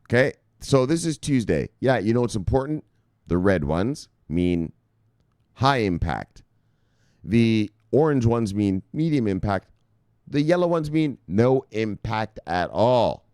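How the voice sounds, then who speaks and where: A man hosting a crypto news show, talking casually and brashly to his viewers, swearing often and reading out viewer shout-outs. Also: fairly low pitch, sing-song, measured pace, smooth, dry recording, studio quality. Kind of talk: casual profane market commentary to viewers.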